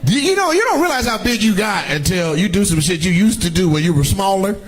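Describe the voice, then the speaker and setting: Loud profane stand-up comic roasting the crowd. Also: male voice, high voice, big pitch swings, fairly quick. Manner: loud, profane, teasing banter with the audience. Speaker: stand-up comedian. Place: live comedy venue with an audience.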